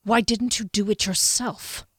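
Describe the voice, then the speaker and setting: A woman's voice: medium pitch, steady tone, a little slow, no echo, clean studio sound, close to an everyday voice. A woman voicing a curt, menacing male chief. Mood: cold.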